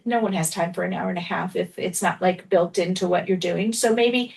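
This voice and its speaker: A middle-aged woman physician chatting casually on a panel, animated and peppered with "like", speaking on a video call. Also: on the low side, a little fast, creaky, hardly any pauses. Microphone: video call laptop mic. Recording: distant laptop mic on a video call.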